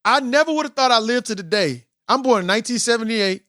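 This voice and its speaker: A man in his forties hosts a casual podcast chat in a high, lively voice that leaps up and down. He talks with animation and quotes books at length. The sound is dry and close. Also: fast talker, no echo. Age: 40s. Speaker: podcast host.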